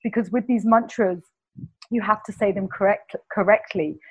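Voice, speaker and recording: A woman with a Cockney English accent, speaking as a guest healer in an enthusiastic, animated spiritual conversation. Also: medium pitch, normal speed, slightly rough, highs cut off. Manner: animated, enthusiastic storyteller, repeats words.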